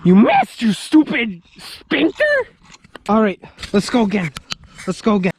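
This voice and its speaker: A man's voice: high voice, big pitch swings, unhurried, darkish tone, slight background noise. A young man hunting outdoors in the cold and filming a casual vlog, goofy and crude, talking to himself and to the camera. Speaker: YouTube hunting vlogger.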